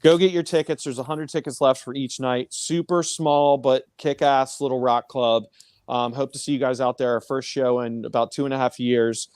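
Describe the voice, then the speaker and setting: A man's voice: medium pitch, steady tone, moderate pace, a little mellow, clean tone, no room sound, clean studio sound. A man in a band telling crude stories and announcing shows in a casual live-stream chat, boisterous and profane. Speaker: band member.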